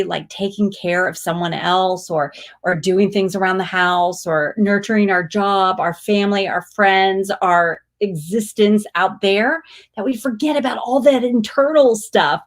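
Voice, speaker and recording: A middle-aged woman hosts a spiritual livestream in a casual, chatty way. She is gushing and exuberant, and she reads viewer comments aloud. Her voice sits in a medium pitch and often jumps into squealing cheers. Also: a little slow.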